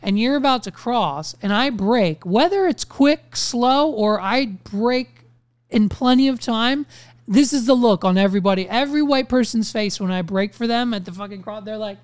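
A young man rants his way through a casual podcast monologue, swearing freely as he talks. His voice comes through smooth and resonant, recorded close and dry with no room sound. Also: high voice, normal speed, no echo. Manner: ranting, profane, animated storytelling. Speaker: podcast host.

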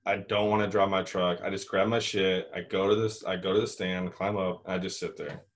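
Young male storyteller, lowish voice, rambling casual delivery. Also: little pitch movement, fairly quick. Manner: rambling, frequent "like" and "you know", swearing. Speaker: hunter telling a story.

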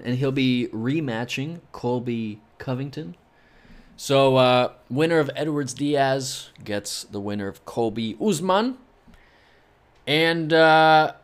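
A man's voice: medium pitch, clean tone. A man hosting his own podcast alone, making fight predictions in a rambling, joking way with lots of fillers. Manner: rambling, joking, heavy on "you know" fillers. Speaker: podcast host.

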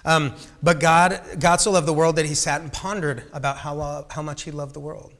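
A young man preaching a casual sermon, often laughing and joking with the room between halting restarts. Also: fairly high pitch, fairly even intonation, fairly bright tone. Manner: joking, self-deprecating asides to the room. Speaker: youth pastor.

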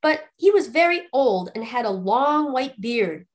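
A woman storyteller reading a ghost fairy tale aloud in an expressive, lively way. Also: a little high, unhurried.

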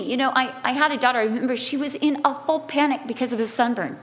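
High-voiced woman preaching a sermon. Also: a little fast. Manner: expressive, swings between emphatic and hushed delivery; conversational asides with humor.

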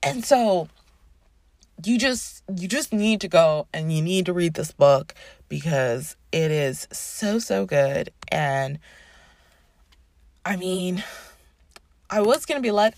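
Slow, gravelly-voiced woman gushing about books. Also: fairly low pitch, animated, darkish tone, dry recording. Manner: gushing and rambling, many fillers. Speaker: book reviewer. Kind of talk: casual book review with a read-aloud passage.

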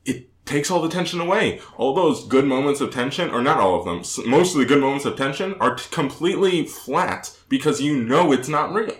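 A man's voice: medium pitch, expressive, fairly quick, few pauses. A man co-hosting a casual movie review chat, rambling and correcting himself often, laughing as he talks. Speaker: podcast co-host. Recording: roomy echo.

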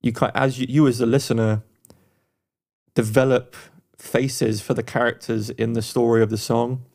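A man's voice: mid-range voice, little pitch movement, moderate pace, a little mellow. Male podcast co-host: enthusiastic, rambling reviewer, mid-range voice. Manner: enthusiastic, rambling, many restarts and fillers. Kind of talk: casual music review chat.

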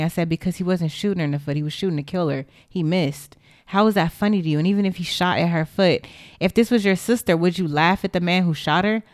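A young woman speaks straight to her audience in an impassioned, indignant monologue, blunt and emphatic. Her voice sits low and sounds smooth and resonant. The sound is close and dry, with no room around it. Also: fairly quick, no echo. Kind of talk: impassioned direct-to-camera monologue.

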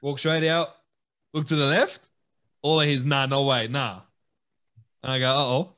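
A man co-hosting a podcast, telling a story in a casual, animated way and laughing often. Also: medium pitch, moderate pace. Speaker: podcast co-host.

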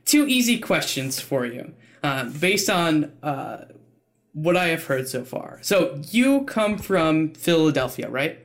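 Host, male, slightly high voice, eager and a bit stumbly, casual interview. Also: big pitch swings, takes it slowly. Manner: eager, stumbling over words. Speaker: podcast host.

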